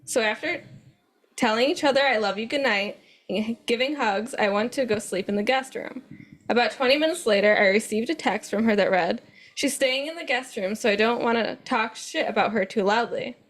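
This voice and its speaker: A woman co-hosting a podcast, reading forum posts aloud with an animated, laughing manner. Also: a little high, normal speed. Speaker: co-host.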